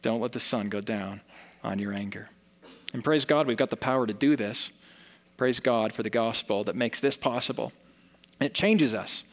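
A man's voice: mid-range voice, moderate pace. A man preaching a sermon as pastor, earnest and conversational, building to emphatic points. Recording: long reverb of a church hall.

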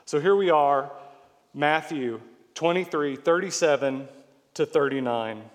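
A man's voice: fairly high pitch, a little slow, long reverb tail. A middle-aged man preaching a sermon as pastor, explaining scripture in an earnest, emphatic way.

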